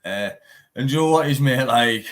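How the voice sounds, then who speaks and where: A man's voice: medium pitch, moderate pace, a bit bright. Man, teesside accent, young adult, bare knuckle fighter, blunt, sweary, casual interview chat. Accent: Teesside English. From England. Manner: blunt, swears often, says "mate" constantly.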